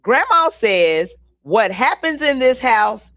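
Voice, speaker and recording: A woman co-hosting a community show, reading trivia questions slowly and deliberately and laughing often. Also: fairly high pitch, sing-song, a bit bright. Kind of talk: casual radio-style chat, game quiz.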